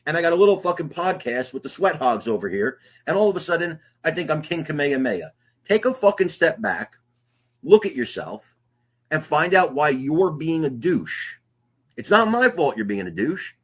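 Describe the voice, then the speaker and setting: Husky, swearing man ranting. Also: fairly high pitch, very animated, normal speed. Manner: scolding, swears heavily. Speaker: podcast co-host. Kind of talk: profane on-air rant.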